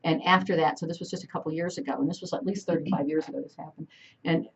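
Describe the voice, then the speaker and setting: A woman in her sixties, a radio host telling stories in a casual, animated way and laughing often. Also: sits low, rapid-fire. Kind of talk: casual talk-radio chat. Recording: muffled live-stream audio from a distant mic.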